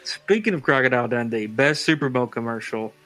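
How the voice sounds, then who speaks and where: A man in a relaxed group chat hosts a trivia game, reading the multiple-choice options at a slow, deliberate pace. His pitch sits in a middle range, and faint music plays underneath. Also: poor audio. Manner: reads quiz options in a slow, drawn-out way. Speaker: podcast host running a trivia quiz. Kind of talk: casual chat.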